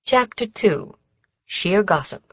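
A woman narrates a children's novel in a measured, even way. Her pitch is middling, the studio sound is dry, and the highs are slightly dull. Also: slightly rough, no echo. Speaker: audiobook narrator. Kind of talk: scripted narration.

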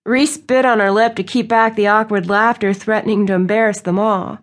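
A woman reading a romance novel aloud as an audiobook narrator, with smooth, even storytelling. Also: medium pitch, fairly quick, hardly any pauses. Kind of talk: scripted narration.

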